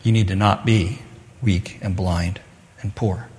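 A man preaching a sermon in a casual, talky way, turning loud and emphatic when he reads scripture aloud. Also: deep voice, steady tone, a little slow, a little hiss or hum. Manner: conversational, switching to loud emphatic scripture reading. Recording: long echo of a large hall.

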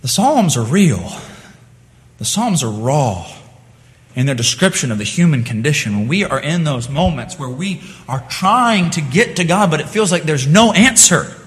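A man's voice: on the high side, very animated, moderate pace, fairly bright tone, long reverb tail. A man preaching a sermon, earnest in tone, rising to impassioned cries when he voices the psalmist's pleas. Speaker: pastor.

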